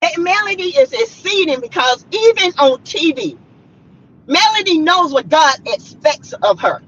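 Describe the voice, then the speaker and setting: A woman from South Carolina preaches and rants hard at her viewers from inside her car, fiery and blunt. Her voice sits high and swings widely up and down. The sound is dull and lo-fi, with a dry, close feel. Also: sing-song, unhurried, a bit bright, a little hiss or hum. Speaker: vlogger. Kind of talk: heated rant to viewers.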